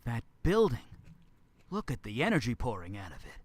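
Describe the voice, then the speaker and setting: A man's voice: mid-range voice, huge pitch swings, brisk, breathy edge, no room sound. A man voicing a male game character in recorded voiceover takes, saying the same lines again and again. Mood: tense. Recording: played back from editing software.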